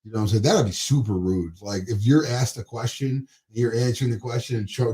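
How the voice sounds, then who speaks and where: A man's voice: medium pitch, brisk, hardly any pauses, warm tone, husky. A man co-hosting a podcast in casual political chat, swearing freely, laughing often and trailing off into mumbles. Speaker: podcast co-host.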